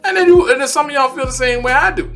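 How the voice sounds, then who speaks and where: A man rants in a loose, exasperated way, circling back to the same phrases again and again. His voice sits high and bright, and faint music plays softly underneath. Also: fast. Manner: animated, exasperated, repeats "man" and "you know what I'm saying". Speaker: vlogger. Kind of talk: heated casual rant.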